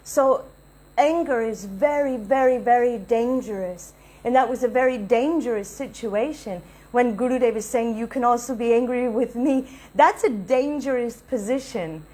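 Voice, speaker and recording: A woman's voice: a little high, normal speed, mellow, low-quality recording. A woman giving a devotional talk, earnestly telling a personal story and acting out the dialogue. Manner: earnest, confessional, retells dialogue. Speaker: spiritual speaker.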